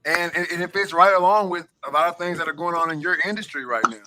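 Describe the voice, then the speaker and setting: A man hosting a podcast in casual chat, talking haltingly with repeated words and many "you know"s. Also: on the high side, sharp tone, no echo. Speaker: podcast host.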